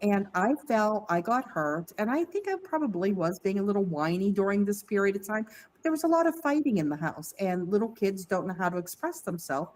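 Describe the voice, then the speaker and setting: A woman telling a candid personal story on a podcast, lively and quoting others in her tale. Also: mid-range voice, fairly quick, hardly any pauses, rough recording. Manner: candid, animated, mimics voices in quotes. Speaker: podcast guest. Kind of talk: casual storytelling.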